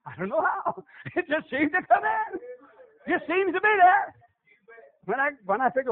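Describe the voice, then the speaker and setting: A man's voice: very high voice, very animated, normal speed, pauses often. A middle-aged man preaching a sermon, with an emphatic, repetitive cadence. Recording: tinny phone-like lo-fi audio.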